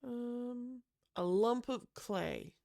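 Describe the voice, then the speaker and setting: A woman's voice: a little high, drawn-out words, creaky, mellow, a little hiss or hum. A woman chatting casually with lots of gasps and "um"s as she builds a room in a life-sim game. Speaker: Sims builder. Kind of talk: casual gameplay commentary.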